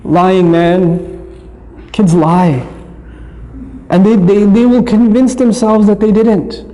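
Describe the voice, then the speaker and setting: A man giving a parenting lecture in an animated, humorous way, acting out little scenes. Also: high voice, moderate pace, long pauses, slight background noise. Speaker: speaker. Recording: long hall reverb.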